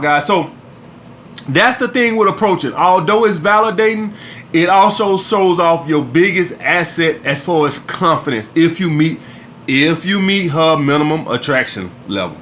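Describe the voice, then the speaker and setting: A man's voice: high voice, sharp tone, a little hiss or hum. A man hosting a dating advice vlog, talking casually in a blunt, profane way and calling his viewers "guys" again and again. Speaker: dating advice channel host.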